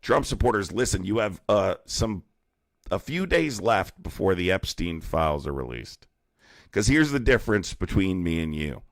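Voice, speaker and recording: A man's voice: sits low, very animated, normal speed, dry recording, studio quality. A man hosting a heated live-streamed debate, mocking and profane as he argues with callers. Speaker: livestream debate host.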